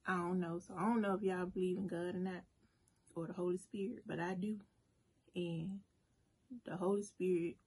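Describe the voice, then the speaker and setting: Husky-voiced woman telling a story. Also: on the low side, moderate pace. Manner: chatty, animated storytelling, addresses viewers as y'all. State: emotional at moments, briefly choked up. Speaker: food vlogger. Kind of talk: casual storytime while eating.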